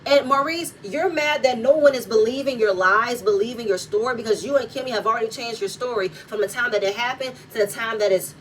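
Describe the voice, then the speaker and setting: A woman's voice: fairly high pitch, brisk, few pauses. Blunt, heated woman ranting a recap. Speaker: reality show recapper. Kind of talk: casual reaction commentary. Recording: distant mic with faint noise.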